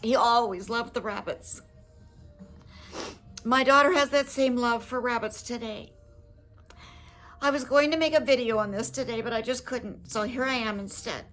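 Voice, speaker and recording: An older woman talking to her viewers in a personal, heartfelt vlog, reflective, gentle and earnest, with emotion close to the surface. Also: fairly high pitch, normal speed, long pauses, faint music behind. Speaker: widow sharing advice with her viewers.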